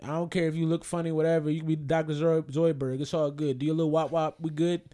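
A man's voice: a little high, level tone, quick pace, mellow. A man co-hosting a podcast, joking and laid-back, speaking in casual slang. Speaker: podcast co-host. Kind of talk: casual chat.

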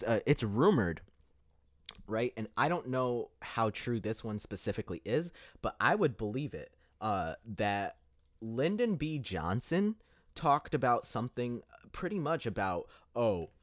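A man's voice: fairly low pitch, lively intonation, a little slow, dry recording, studio quality. A man hosting his own podcast, giving a casual opinion monologue and thinking aloud as he searches for his words. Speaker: podcast host.

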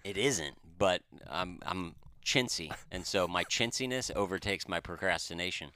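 A man co-hosting a podcast, telling a story in a casual, animated and self-deprecating way. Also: low voice, normal speed, no echo. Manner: animated, self-deprecating, quotes others in raised voice. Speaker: podcast co-host.

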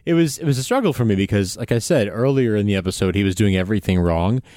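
A man's voice: fairly low pitch, fast, mellow, dry recording, clean studio sound. Man arguing his point in a podcast chat. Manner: emphatic, building his argument. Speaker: podcast co-host. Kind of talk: casual TV recap chat.

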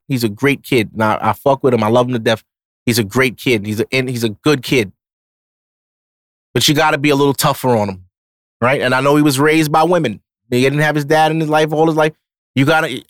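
A man's voice: mid-range voice, a bit bright, dry recording, clean studio sound. A man hosting a podcast, talking casually in a blunt, profane, emphatic way. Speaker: podcast host. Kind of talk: casual monologue.

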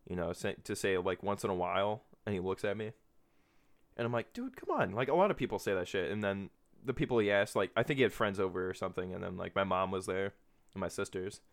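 Young man, twenties, low-pitched, casual podcast chat, rambling, profane, laughs a lot. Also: fairly even intonation, fast. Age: 20s. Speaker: podcast host.

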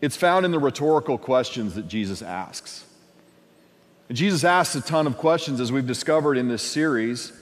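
A man's voice: medium pitch, lively intonation, normal speed. A male pastor giving a conversational sermon, acting out everyday questions in different voices. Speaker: lead pastor. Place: church sanctuary. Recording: long hall reverb.

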